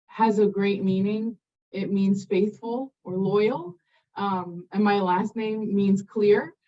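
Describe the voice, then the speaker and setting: A woman who teaches high school science, introducing herself in a soft-spoken, casual way with light humor. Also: highs cut off. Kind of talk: casual presentation.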